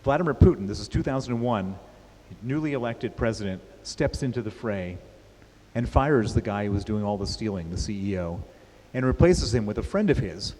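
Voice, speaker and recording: A man's voice: lowish voice, animated, normal speed, a little mellow. A middle-aged man speaking as an author at a festival, telling his story plainly and often repeating and restarting words. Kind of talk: onstage interview storytelling. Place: large hall with an audience. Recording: hall reverb with faint hiss.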